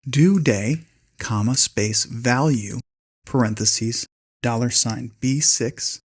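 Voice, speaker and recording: A man hosting a spreadsheet tutorial, calmly dictating a long formula step by step. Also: medium pitch, slow pace, slightly rough. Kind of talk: screen-recorded software tutorial.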